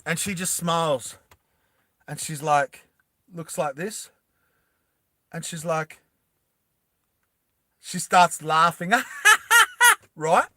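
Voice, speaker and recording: Rambling, excitable young man. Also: on the high side, slow, pauses often. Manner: rambling, self-correcting, excitable. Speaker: animated film creator. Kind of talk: casual storytelling to viewers.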